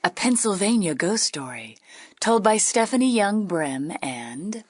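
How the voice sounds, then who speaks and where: A woman reading a ghost story aloud, playful and dipping into hushed whispers. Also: mid-range voice, very animated, unhurried, breathy edge, no room sound, clean studio sound. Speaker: guest storyteller.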